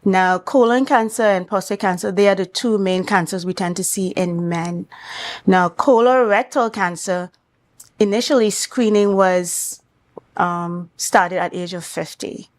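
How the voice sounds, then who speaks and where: A Trinidadian woman, a doctor appearing as a guest on a morning talk show, explains things in a measured, clinical manner. Her voice sits at a medium pitch.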